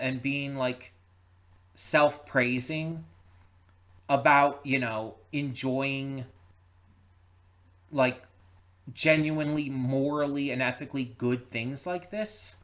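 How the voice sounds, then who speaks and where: A man hosting a casual movie reaction, musing aloud with an earnest, heartfelt tone. His voice sits at an ordinary middle pitch and wanders through fillers and restarts as he thinks out loud. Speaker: movie reaction channel host. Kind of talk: casual spoken reflection.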